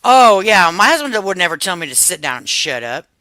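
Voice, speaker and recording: Woman, fifties, livestream host; lively, bright, sassy delivery, dry close recording. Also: on the low side, fairly quick, no room sound. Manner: animated, sassy, laughs often. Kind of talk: casual chat reacting to viewers.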